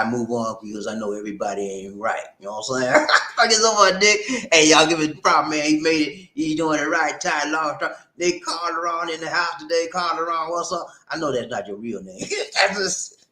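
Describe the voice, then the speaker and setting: Animated man hosting a livestream. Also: fairly high pitch, reverberant. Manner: animated, sings and shouts catchphrases. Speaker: livestream host. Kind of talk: casual live chat. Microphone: new noise-reducing mic.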